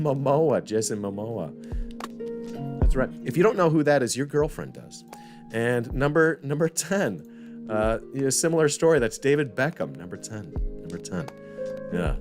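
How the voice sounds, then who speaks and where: A man hosting a live-stream trivia game in a casual, joking way, rambling and correcting himself as he goes. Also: on the low side. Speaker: trivia host. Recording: music playing behind the voice.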